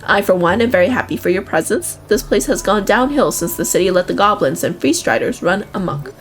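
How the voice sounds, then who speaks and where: A woman's voice: medium pitch, expressive, fairly quick, lightly acted. A woman voicing a tiny, smug red male devil in a video game, chatty and self-serving, who complains at length.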